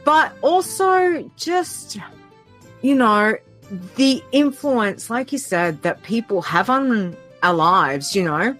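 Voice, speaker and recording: A woman's voice: a little high, expressive, slow, a bit bright, soft background music. An Australian woman talking heartfelt and earnest as a podcast guest, often trailing off and restarting her sentences. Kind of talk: casual podcast conversation.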